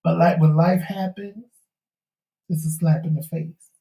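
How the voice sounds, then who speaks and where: A man sharing a hard-won life lesson in a candid, preachy talk-show chat, his slang loose and his voice gravelly and wearing thin. The tone is dark and mellow. He sounds set back from the mic in a roomy, echoing space. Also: on the high side, steady tone, measured pace, recorded from a distance. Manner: preachy, emphatic, folksy Southern-tinged slang. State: losing his voice.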